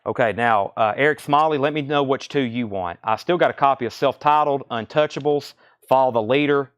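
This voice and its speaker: A man runs a live record sale, rattling off titles and prices in a brisk, casual patter. His voice is smooth and clear, at a middle pitch for a man. The sound is dry and close, with little room echo. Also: dull audio. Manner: brisk auctioneer-style listing of titles and prices. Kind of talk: live-stream sales patter. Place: record shop.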